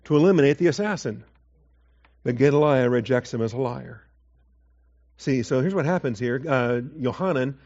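Male Bible teacher, casual verse-by-verse sermon style, medium pitch, a little muffled. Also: a little mellow. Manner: conversational, with asides and acted quotes.

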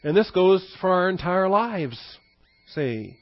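A man's voice: sits high, big pitch swings, slow, lo-fi sound. A man, a pastor, giving a conversational teaching sermon with frequent fillers and asides.

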